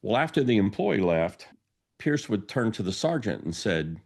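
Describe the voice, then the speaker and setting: A man with a fairly low, sing-song voice hosts a podcast, speaking at a moderate pace with a slightly mellow quality. He spins an anecdote in monologue form, voicing the dialogue of the characters as he goes.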